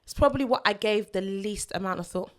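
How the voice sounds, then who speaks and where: A woman's voice: mid-range voice, quick pace. A woman from Nigeria co-hosting a podcast, chatting in a reflective, heartfelt way and laughing easily. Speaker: podcast co-host. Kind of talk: casual heartfelt chat.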